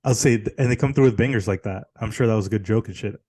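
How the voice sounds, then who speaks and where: A man's voice: lowish voice, rapid-fire, mellow, dry recording. A man co-hosting a podcast, chatting casually, blunt and opinionated, with some swearing. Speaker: podcast co-host. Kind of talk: casual chat.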